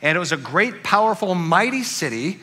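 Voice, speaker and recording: Male pastor, sermon delivery, slightly high and bright, animated storyteller. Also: moderate pace. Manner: animated, acts out angry outbursts.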